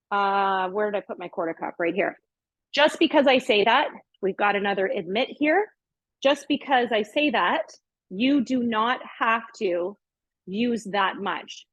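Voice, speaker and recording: A woman's voice: on the high side, no echo. A middle-aged woman hosting a casual cooking demonstration in her home kitchen, chatting upbeat as she works. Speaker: cooking show host. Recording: dry, dull lo-fi sound.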